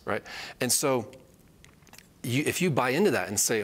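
A man's voice: lively intonation, brisk, fairly bright tone. A man giving conversational Bible teaching, earnest, checking in with "right?" and acting out quoted voices. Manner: earnest, repeats points with "right?" tag questions; acts out quoted voices in a higher pitch.

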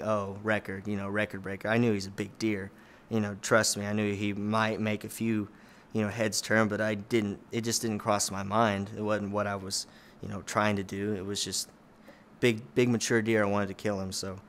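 A man's voice: on the low side, flat delivery, moderate pace, a bit bright, a little hiss or hum. A young man, telling a hunting story in a casual, rambling way full of "you know" and "like.". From Oklahoma. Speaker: hunter guest.

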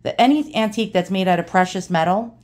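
Woman doing a gruff old New York man. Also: mid-range voice, lively intonation, fast, darkish tone, close to an everyday voice. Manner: gruff, swears freely, tells it like it is. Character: blunt old male New Yorker, about eighty.

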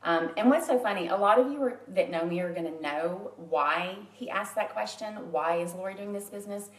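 A woman's voice: medium pitch, normal speed, recorded from a distance. Chatty woman in her forties, roomy sound. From Louisiana, USA. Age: 40s. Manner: chatty, open and personal, laughs at herself. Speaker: makeup artist and direct sales consultant. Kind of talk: candid live video chat to a private group.

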